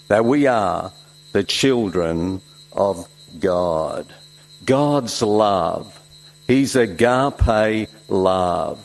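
A man from Switzerland, preaching a sermon with emphatic exclamations and soft asides. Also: medium pitch, rough recording. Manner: emphatic, swings between loud exclamations and soft reflective asides.

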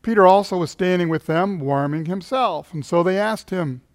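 A male pastor preaching, unfolding a story in a relaxed storytelling way and chuckling now and then. His voice is a little higher than most men's. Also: moderate pace, few pauses. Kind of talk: sermon storytelling.

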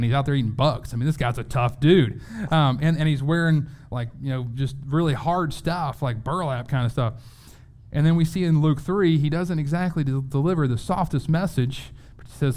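Man, pastor, sermon, earnest, conversational, frequent restarts, slow scripture reading. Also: mid-range voice, darkish tone. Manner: reads scripture aloud slowly.

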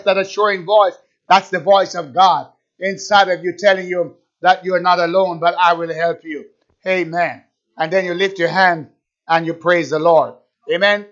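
A man's voice: sits high, a bit bright. A man preaching a fervent sermon, repeating himself and firing rhetorical questions at his listeners. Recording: dull lo-fi recording.

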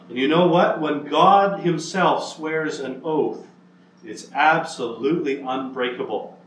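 Male preacher, emphatic sermon delivery, unhurried, roomy echo. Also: fairly high pitch, fairly bright tone, distant mic, a little hiss or hum. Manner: earnest, emphatic, with slow stressed lines.

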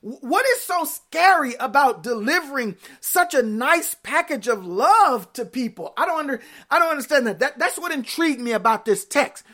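A woman, preaching a sermon in an animated, playful way full of rhetorical questions. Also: sits high, normal speed, hardly any pauses.

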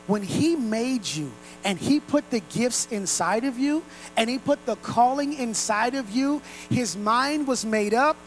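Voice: mid-range voice, a little hiss or hum, poor audio. A pastor preaching a sermon to a congregation in a room, earnest and direct.

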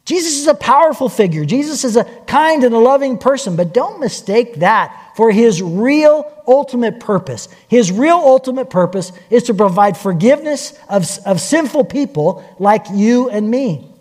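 Male pastor, sermon, very high voice, animated storytelling, long hall reverb. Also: moderate pace, few pauses.

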